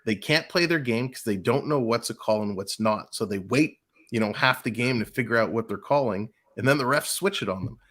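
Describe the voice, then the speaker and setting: A man's voice: medium pitch, a little fast, a bit bright. A man co-hosting a hockey show, steadily laying out frustrated criticism in casual sports chat.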